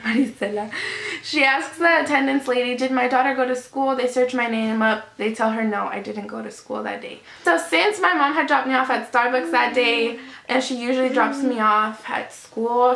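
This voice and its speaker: A woman's voice: fairly high pitch, fairly bright tone. A teenage girl telling a personal story on her vlog, chatty, with many "like"s. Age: teens. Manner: chatty, lots of "like", emotional retelling. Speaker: vlogger. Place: home room in natural evening light. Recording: echoey room.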